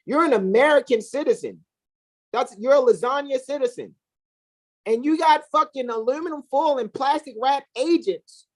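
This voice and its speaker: A woman co-hosting a heated, casual discussion, talking in an emphatic, profane and preachy way. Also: moderate pace. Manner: emphatic, profane, preachy, swings between high and low pitch. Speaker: co-host.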